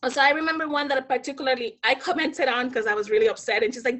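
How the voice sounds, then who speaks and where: A woman from the Dominican Republic, a Spanish speaker, telling her personal story as an interview guest with lively acted-out quotes and many fillers. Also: high-pitched, quick pace, hardly any pauses. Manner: animated, acts out quoted voices, many fillers.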